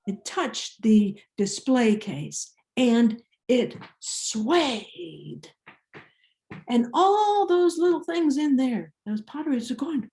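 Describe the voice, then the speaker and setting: An older woman from Iceland with an Icelandic accent, telling a personal story in a slow, deliberate way with small restarts. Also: a little high, a little mellow, echoey room. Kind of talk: personal story told to an audience.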